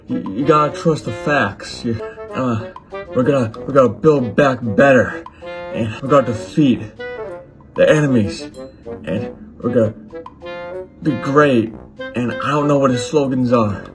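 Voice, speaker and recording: A young man doing an impression of an older male politician giving a halting rally speech, with music behind. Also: mid-range voice, natural voice. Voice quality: halting, repeating words.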